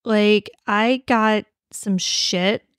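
A woman's voice: mid-range voice, fairly even intonation, drawn-out words, smooth, no room sound, clean studio sound. A woman hosting a true-crime podcast, talking casually with frequent apologies and laughs. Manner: chatty, apologetic, laughs often. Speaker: podcast host.

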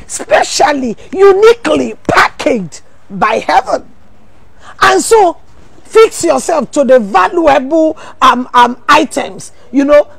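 A woman pastor, preaching a sermon full of rhetorical questions, teasing asides and sudden shouted emphasis. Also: high voice, creaky.

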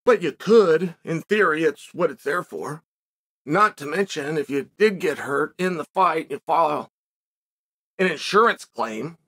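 Male host, commentary monologue, sharp bright tone, emphatic and sarcastic. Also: fairly high pitch, breathy edge. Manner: emphatic, argumentative, sarcastic asides.

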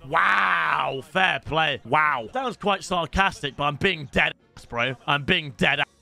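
A young British man streaming a football game, chatting with viewers and swearing in loud outbursts. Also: fairly high pitch, expressive, measured pace, soft background music. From Britain. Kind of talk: casual game stream chat.

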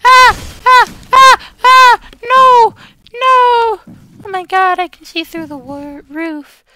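A man putting on a shrill, squeaky falsetto voice for a panicky character, screaming and yelping while gaming. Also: steady tone, moderate pace, pushed and bright. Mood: panicked shrieking.

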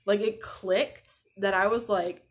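A woman's voice: mid-range voice, fairly even intonation, slow, a little hiss or hum. A woman in her thirties hosting a podcast, chatting casually and rambling with lots of "like," sleep-deprived as a new mother. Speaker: podcast host. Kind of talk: casual chat.

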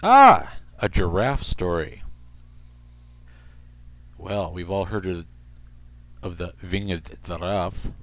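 A man hosting an internet radio show, reading odd news stories in a rambling way and slipping into soft asides. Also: low-pitched, little pitch movement, takes it slowly, long pauses, no room sound.

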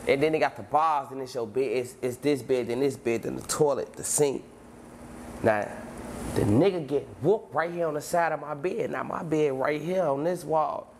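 A man telling a long story as an interview guest, in heavy street slang, acting out scenes with sudden shouts and voices. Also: mid-range voice, normal speed, a little hiss or hum. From Chicago. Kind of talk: animated storytelling.

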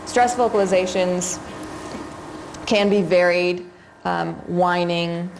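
A woman's voice: on the low side, steady tone, slow pace, noisy background. A woman teaching a live seminar, talking conversationally to the audience with frequent fillers and questions. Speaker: seminar instructor on dog behavior.

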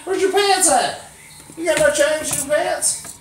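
A man's voice: very high-pitched, unhurried, a little hiss or hum. A man performing as a children's clown and magician, teasing and coaxing a child in folksy playful banter. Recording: echoey room, mic far off.

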